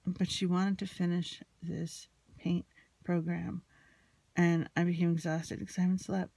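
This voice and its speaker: A woman recounts a painful day in a confessional, rambling way, anxious and still shaken. Her voice has a gravelly, creaky texture. The sound is dry and close, with no room around it. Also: fairly low pitch, little pitch movement, a little slow, mellow, no echo. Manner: anxious, rambling, retelling a quarrel with quoted dialogue. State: emotionally shaken. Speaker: vlogger. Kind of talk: confessional personal storytelling.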